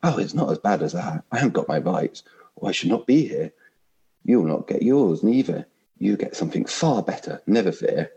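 A man reading aloud and voicing a calm, forgiven man in heaven who gently reassures. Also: deep voice, normal speed, slightly rough, highs cut off, heavily acted. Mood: urging.

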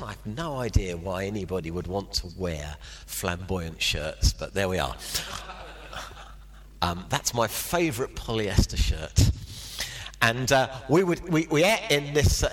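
A man in his sixties preaching a sermon with personal testimony, mixing self-deprecating asides with bursts of excitement. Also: fairly low pitch. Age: 60s.

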